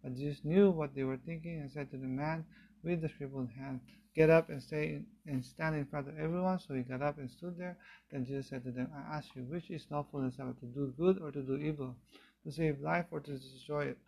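A man reading Bible passages aloud in a steady, unhurried way, now and then stumbling and restarting a phrase. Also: fairly high pitch, gravelly, husky, rough recording. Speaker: Bible reader.

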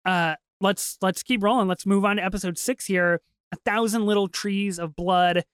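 A woman co-hosting a podcast in casual chat, talking quickly and eagerly with lots of restarts. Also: mid-range voice, clean tone, no room sound. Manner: fast, animated, with repeated restarts. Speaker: podcast co-host.

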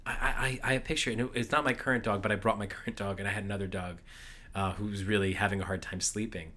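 A man in his thirties, co-hosting a casual podcast, telling stories with animated energy and frequent laughs. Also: lowish voice, fast talker. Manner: storytelling, animated, laughs often. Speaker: podcast co-host. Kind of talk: casual chat.

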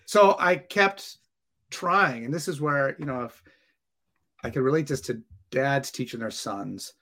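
A man's voice: mid-range voice, measured pace. A firefighter being interviewed, telling his story casually and acting out the dialogue of the people in it. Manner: animated, acts out dialogue and laughs while telling. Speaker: firefighter guest.

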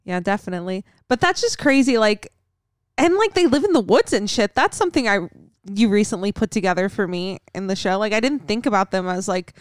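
Woman, mid pitch, dry close sound, quick reactive chatter that swears freely. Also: lively intonation, no echo. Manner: reactive, profane, laughs often. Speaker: podcast co-host. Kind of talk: casual chat.

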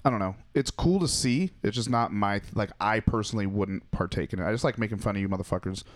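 A man's voice: fairly low pitch, quick pace. A young adult man, a comedian, chatting casually and telling loose stories, acting out people with laughing voices and swearing freely. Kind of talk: casual chat.

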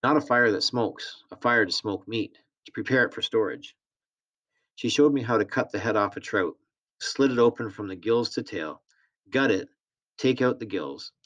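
A man reading a novel aloud in a steady, plain storytelling manner. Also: lowish voice. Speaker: reader.

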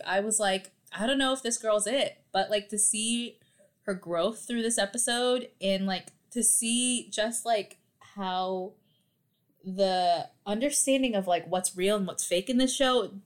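Podcast guest, a woman who speaks slowly and haltingly, padding her sentences with fillers. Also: a little high. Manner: drawn-out, halting, many fillers. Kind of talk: casual podcast chat.

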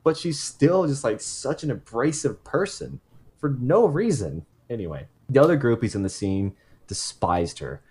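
A man's voice: medium pitch, sing-song, normal speed, a little mellow, breathy edge. A man co-hosting a casual podcast, telling a true case in a rambling way that stops to correct itself and throw in jokey asides.

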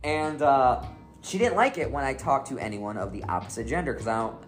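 A man's voice: mid-range voice, a little fast, faint music behind. Jokey young man telling stories. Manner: jokey, laughs often, animated retelling. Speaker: podcast co-host. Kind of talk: casual storytelling chat.

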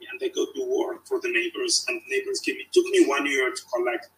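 A man's voice: very high-pitched, wildly swooping pitch, fairly quick, fairly bright tone, recorded from a distance, slight background noise, low-quality recording. A man from Tunisia with a Tunisian accent, telling his life story as an interview guest in emphatic, broken English that repeats its phrases.

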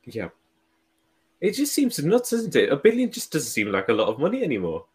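Young man, giggly, husky voice, lively up-and-down pitch, casual podcast chat. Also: fairly quick. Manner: giggly, laughs often. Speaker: podcast co-host.

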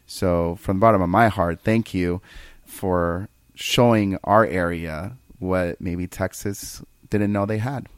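A man's voice: deep voice, steady tone, takes it slowly, no room sound, studio quality. A man hosting a podcast interview, speaking earnestly and supportively to his guest. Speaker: podcast host.

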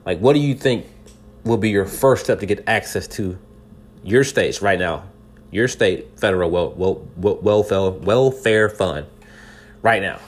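On the low side and measured in pace, this Californian man offers casual news commentary for a podcast. He speaks earnestly, aims rhetorical questions straight at the listener, and often restarts and repeats words.

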